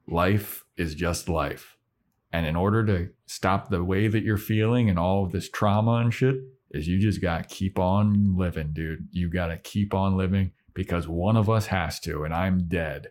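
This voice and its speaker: A man voicing a world-weary male vampire who gives slow, blunt advice. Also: sits low, a little mellow, close to an everyday voice.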